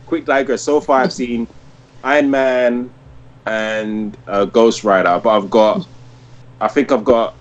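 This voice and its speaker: A man's voice: medium pitch, fairly even intonation, measured pace, dull audio. A man in his thirties hosting a casual podcast, talking with enthusiasm and rambling through many restarts and likes. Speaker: podcast host. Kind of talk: casual podcast review chat.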